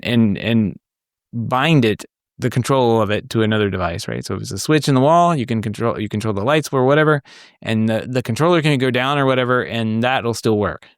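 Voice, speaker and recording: A man hosting a casual tech podcast, excitable and laughing often as he reads things aloud. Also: mid-range voice, smooth, no echo, studio quality. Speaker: podcast host.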